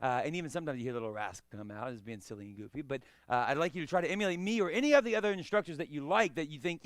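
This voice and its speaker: A man's voice: a little high, sing-song, fast, hardly any pauses, no room sound, studio quality. A man teaching a live karate class, coaching and encouraging, often checking that students understand. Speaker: karate instructor.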